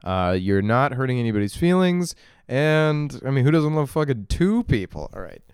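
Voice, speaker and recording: A young man in a dry, close recording, with a smooth and resonant voice at an ordinary pitch. He rambles through a crude solo comedy rant, swearing freely and breaking into laughter at his own jokes. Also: sing-song, moderate pace, a little mellow, dry recording. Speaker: podcast host.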